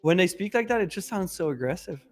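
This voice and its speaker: Relaxed, joking male stream co-host. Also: sits high, fast talker. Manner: relaxed, jokey, talks to the chat. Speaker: co-host of a live trading show. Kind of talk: casual live-stream banter.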